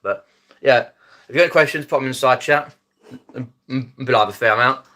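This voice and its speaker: A man's voice: mid-range voice, brisk, sharp tone. A man from Surrey with a Mockney accent, chatting casually to viewers on his phone live stream, rambling with many ums and restarts. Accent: Mockney, South East English. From Epsom, Surrey, England.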